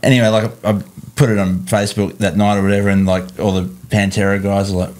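A man with an Australian accent, a musician guest telling a story in a relaxed way, full of fillers. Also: lowish voice, quick pace. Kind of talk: casual storytelling.

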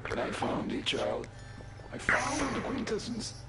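A man's voice: extremely high pitch, huge pitch swings, unhurried, heavy background noise, exaggerated voice. An actor playing a dying old man in a game who speaks in a solemn, grandiose way about being born again. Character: dying old man seeking rebirth, commanding. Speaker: game character. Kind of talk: scripted game dialogue. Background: loud music.

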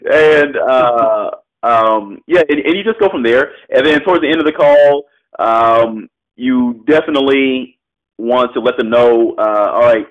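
A man coaching a student over a call on real estate, casual and loose, often laughing and acting out quick phone exchanges. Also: mid-range voice, dull audio. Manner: loose, laughing, quick bursts of role-played phone talk.

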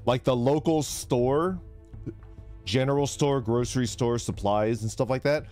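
A man's voice: mid-range voice, measured pace, darkish tone, soft background music. A man streaming a casual morning chat, telling a story and laughing often as he greets viewers. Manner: laughs a lot while telling stories, reads chat names aloud.

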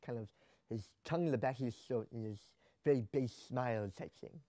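A young man tells a story casually, rambling and restarting often. His voice is mellow and dark at a middling pitch. The sound is dry and close, with no room echo. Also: fairly quick. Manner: rambling, many restarts and fillers. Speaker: vlogger.

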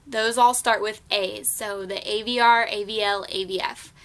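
A woman's voice: medium pitch, fairly even intonation, moderate pace, a bit bright. A young woman vlogging as a nursing student, recapping her class in a casual, chatty way with frequent ums. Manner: chatty, many ums, explains plainly. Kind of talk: casual study recap vlog.

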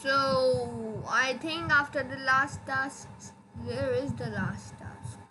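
A woman's voice: high voice, takes it slowly, music in the background. A woman giving casual gameplay commentary, insistent and exasperated, repeating her point over and over. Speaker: gaming video creator. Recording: noisy home recording.

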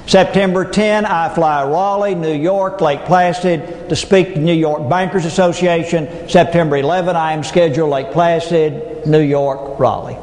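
A man's voice: a little high, fairly even intonation, moderate pace, hardly any pauses, a little mellow. A middle-aged man, giving a humorous motivational keynote with folksy stories and punchlines. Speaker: motivational speaker. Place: large hall before an audience. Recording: echoey hall with long reverb.

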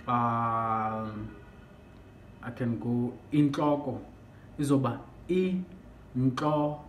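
A young man explains word sounds in a casual lesson, often pausing and repeating himself. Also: medium pitch. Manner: halting, repeats himself, searches for words. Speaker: language teacher. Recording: echoey room with faint background hum.

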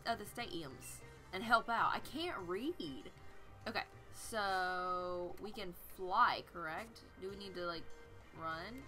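A woman's voice: medium pitch, pushed and bright. A woman hosting a video game let's play, chatting casually and giggling as she reads the game's dialogue aloud. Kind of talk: casual gameplay commentary.

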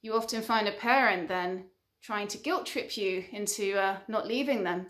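A woman's voice: medium pitch, moderate pace, a bit bright. A woman counselor giving an earnest advice monologue, building her points through repeated short lists. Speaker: relationship counselor.

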